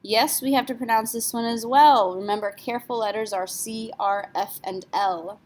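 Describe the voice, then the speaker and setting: A woman's voice: fairly high pitch, fairly even intonation, normal speed, a little hiss or hum. A woman teaching French pronunciation in a patient lesson, spelling words out letter by letter. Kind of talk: classroom lesson explanation.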